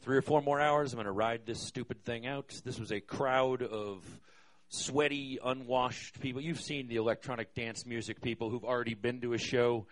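A man's voice: mid-range voice, fairly even intonation, moderate pace. Wry, profane male storyteller. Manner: wry, profane, hesitant with many fillers. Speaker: storyteller, concert venue manager. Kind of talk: live stage storytelling.

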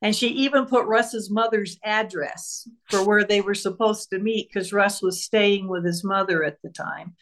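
Appearing as a guest on an interview show, a woman author recounts a true crime story step by step in a medium-pitched voice. Her retelling is animated, with lively emphasis as she acts out quoted voices, at normal speed and with hardly any pauses. There's a little hiss or hum in the audio.

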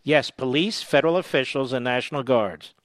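Combative talk radio host, dry. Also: male voice, medium pitch, fairly quick, dry recording. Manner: combative, emphatic. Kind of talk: political talk radio monologue.

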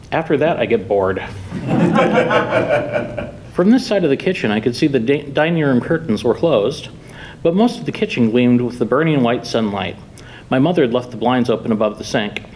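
Man, author, live story reading, wry deadpan delivery, middle pitch, faint low rumble. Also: poor audio. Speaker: author reading own fiction.

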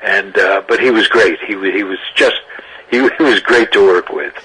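An older man, an actor being interviewed, telling anecdotes in a lively way and laughing often. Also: low voice, normal speed, slightly rough, poor audio. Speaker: actor guest.

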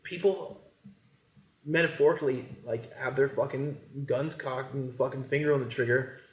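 A man's voice: mid-range voice, fairly even intonation, moderate pace. A man, a musician being interviewed in a recording studio, talking casually in an emphatic, profane, rambling way full of restarts. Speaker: musician guest.

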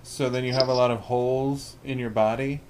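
A man's voice: medium pitch, steady tone, brisk. A man co-hosting a podcast in casual chat, with a dry, joking manner as he tosses out ideas. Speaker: podcast co-host.

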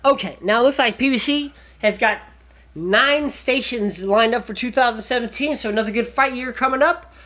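A man's voice: very high-pitched, normal speed. A man co-hosting a casual boxing podcast, chatting and plugging the show at the sign-off. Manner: animated, promotional sign-off delivery. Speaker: podcast co-host.

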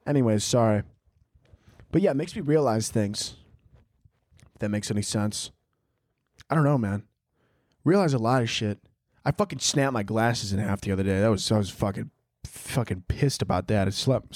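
A man's voice: lowish voice, fairly quick, a little mellow, no room sound, studio quality. A young man hosting a solo podcast, rambling and joking crudely, filling his talk with "like" and "dude". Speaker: podcast host.

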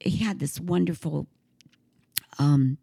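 A woman guest on an interview spinning animated stories, her low voice full of gravel and fry. She stops and restarts mid-sentence as she searches for words, and the sound is dry and close. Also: no echo. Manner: animated anecdotes, halting restarts. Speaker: guest singer. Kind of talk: casual interview storytelling.

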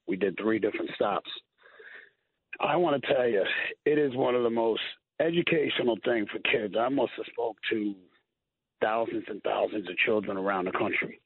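A man's voice: fairly low pitch, dry recording. Earnest New man on a phone line. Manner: earnest, gets choked up, repeats himself. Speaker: firefighter guest. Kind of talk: emotional call-in storytelling.

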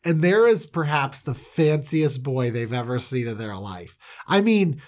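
A man retelling a story in a casual, comedic way, animated and rambling. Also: medium pitch, measured pace. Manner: animated, rambling, with many fillers.

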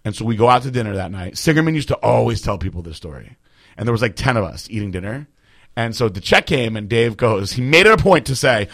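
A man's voice: medium pitch, expressive, fast, a bit bright. A man telling a long story in casual chat, rambling and profane, laughing at himself. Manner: rambling, profane, self-deprecating.

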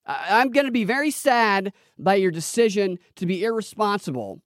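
A man's voice: sits high, animated, normal speed, no room sound, studio quality, pitched above the performer's own voice. A man doing a mocking impression of an elderly male president, scolding in a patronizing, sing-song way.

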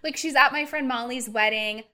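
An enthusiastic woman co-hosting a casual chat, her voice bright and a touch high. She talks in an encouraging, lively way and cheers on whoever she is talking with. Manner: enthusiastic, supportive, quick to cheer on her friend. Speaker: podcast co-host.

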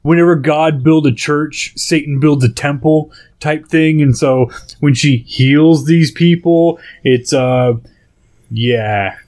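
A man in his thirties with a voice pitched a little high, telling profane stories in casual podcast chat. He talks fast when he gets worked up and laughs at his own rants. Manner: profane, animated storytelling. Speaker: podcast co-host.

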